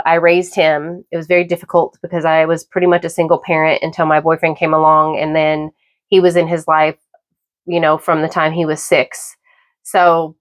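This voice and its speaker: Emphatic middle-aged woman, lower voice. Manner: emphatic, halting with repeated restarts. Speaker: podcast host. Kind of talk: opinionated personal monologue.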